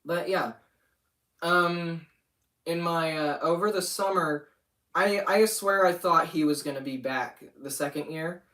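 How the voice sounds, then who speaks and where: A man's voice: on the high side, a little slow, bright, forceful tone, distant mic. A young man rambling casually about his animation channel on a livestream, often getting sidetracked. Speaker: channel owner.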